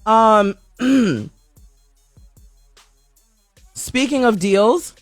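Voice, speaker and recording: A woman's voice: fairly low pitch, animated, normal speed, no room sound, faint music behind. A woman hosting a podcast, casually running through celebrity news headlines in a chatty, slangy, self-mocking way, sometimes tripping over her words. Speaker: podcast host.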